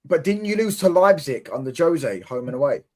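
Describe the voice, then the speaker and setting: A man's voice: on the high side, animated, brisk. A young man co-hosting a football watchalong, quizzing and teasing his co-host in slangy casual chat.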